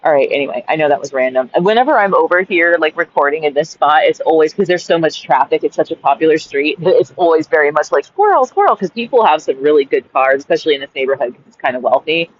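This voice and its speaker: A woman's voice: low-pitched, fast, few pauses, slight background noise. A woman recording a casual journal-style rant in her car by a busy street, exasperated and swearing, often asking "right?". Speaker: vlogger. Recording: dull lo-fi sound.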